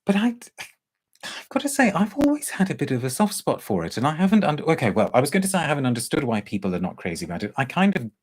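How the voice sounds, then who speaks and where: A man's voice: fairly high pitch, big pitch swings, fast talker. Chatty, hesitant male perfume reviewer. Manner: chatty, hesitant, full of ums and restarts; reads out viewer comments. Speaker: perfume reviewer hosting a live stream. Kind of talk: casual live-stream chat.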